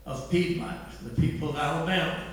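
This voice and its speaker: A man's voice: on the high side, fairly even intonation, fairly quick, natural voice. A man speaking as his earnest older mother, in an echoey hall from a distant mic.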